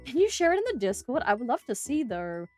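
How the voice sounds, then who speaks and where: A young Australian woman bantering with her live chat, her slightly high voice swooping up and down as she giggles and exclaims. Her delivery is casual and animated, and soft game music plays faintly behind her. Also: fast talker. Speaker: streamer.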